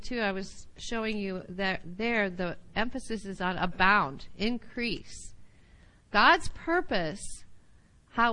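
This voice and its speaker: Bright-voiced woman teaching Bible study. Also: medium pitch, rough recording. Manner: animated, checks in with "right?" and laughs often.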